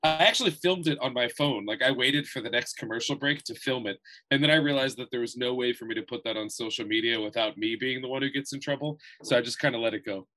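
A man's voice: mid-range voice, quick pace. A man co-hosting a casual podcast chat, telling jokey stories and swearing freely. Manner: animated, jokey storyteller who swears freely. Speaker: podcast co-host.

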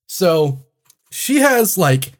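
A man telling a travel story in casual chat, animated and swearing often. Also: high-pitched, drawn-out words.

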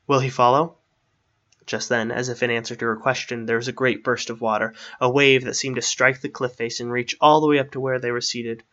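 A man narrating a fantasy story aloud in a steady storytelling manner. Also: medium pitch, fairly quick, few pauses, muffled recording.

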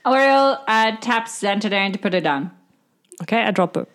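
Lady playing a tabletop game, super animated, jokey. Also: mid-range voice, normal speed. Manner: animated, joking asides. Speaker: player. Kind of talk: casual tabletop game play.

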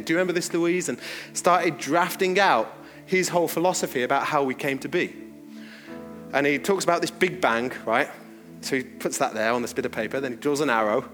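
A man preaches in a loose, chatty style, spinning jokey anecdotes as he goes. His voice sits high for a man. It rings out with a long reverb in a large hall, and soft music plays underneath. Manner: chatty, joking, animated storyteller. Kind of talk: casual storytelling sermon.

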